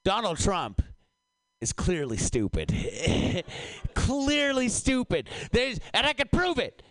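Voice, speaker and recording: Man, stand-up comic, high lively voice, dry close sound, swearing, animated. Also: slow, no echo. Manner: animated, swearing, shifting voice up and down for bits. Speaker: stand-up comedian. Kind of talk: stand-up comedy set. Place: comedy show venue.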